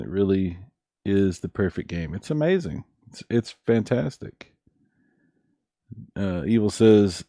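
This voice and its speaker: A man's voice: fairly low pitch, mellow, no room sound, clean studio sound. A middle-aged man streaming a game in casual chat, laid-back and chuckling at himself. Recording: faint game music behind.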